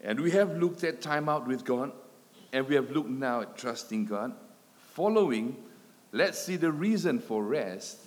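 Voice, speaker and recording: In a church hall with a long, echoing reverb, a man with a mid-range voice preaches a sermon at a measured pace. He is animated, and his volume swells and drops dramatically as he repeats points for emphasis.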